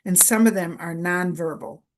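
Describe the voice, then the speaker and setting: A woman presenter giving a conference lecture in a deliberate way, repeating key phrases in short lists for emphasis. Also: lowish voice, a little hiss or hum. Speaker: workshop presenter.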